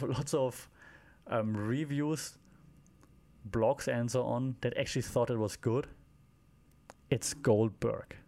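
A man talking through a casual solo podcast recap at a mid-range pitch. He rambles, stacks up fillers and restarts, and drops wry asides as he goes. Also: a little mellow, slight background noise. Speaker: podcast host.

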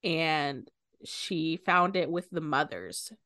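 A woman with a somewhat low voice chats through a book's plot for a podcast, slipping into quick quoted lines and the odd swear word. The sound is dry and close, with little room around it. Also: dry recording. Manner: animated retelling, quoting characters with bursts of swearing. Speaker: podcast co-host. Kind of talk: casual book discussion.

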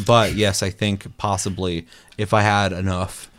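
A man's voice: on the low side, very animated, normal speed, a bit bright. A man hosting a casual chat show, telling a gaming story with laughs and swearing. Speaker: podcast host.

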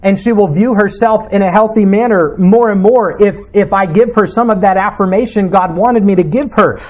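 A man's voice: high-pitched, moderate pace, a little mellow. A man, a pastor, preaching a sermon in an earnest, reflective way, asking his listeners questions.

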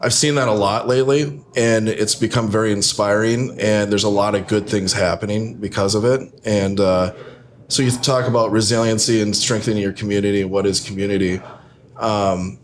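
A man, a podcast guest, talking in a halting way and searching for words with many fillers. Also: on the low side, steady tone, a little hiss or hum. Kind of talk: casual podcast chat.

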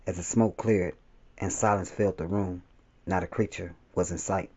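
A man with a low, mellow voice reads a first-person war story at an even, steady pace. The recording sounds dull and slightly lo-fi. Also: moderate pace, husky. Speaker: audiobook narrator.

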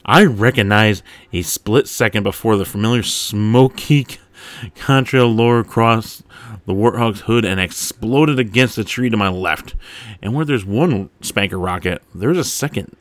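A man hosting a podcast, reading a game blog post aloud and breaking off to laugh and comment excitedly. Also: on the low side, measured pace, no room sound. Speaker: podcast host.

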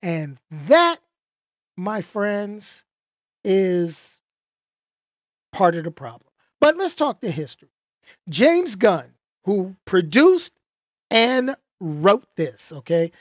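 Slow, animated male podcast host. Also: high voice, no room sound, clean studio sound. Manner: animated, stammering restarts, slangy asides. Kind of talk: casual solo podcast rant.

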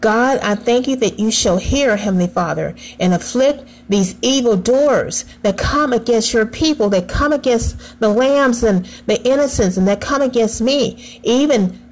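With a fairly high but darkish voice, a woman prays aloud a little slowly and with few pauses, recorded at low quality. As prayer leader, she pleads fervently and keeps returning to the same address to God.

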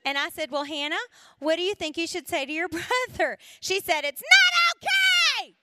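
A woman, giving an animated storytelling talk as a Christian conference speaker. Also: sits high, fairly quick, very noisy. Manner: animated storyteller who acts out quoted voices.

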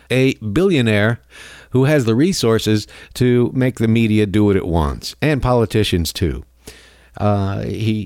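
A male talk radio host delivering an opinionated monologue in a dry studio sound. His pitch is middling, and he rambles with sarcasm, stammering through restarts and chuckling as he goes. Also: darkish tone, clear, resonant tone, no room sound.

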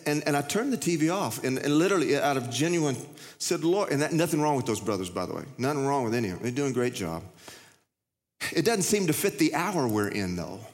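A man's voice: medium pitch, big pitch swings, fairly quick. A man, preaching a sermon in a folksy, conversational way with frequent restarts. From United States. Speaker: pastor. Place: church sanctuary. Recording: long reverb of a large hall.

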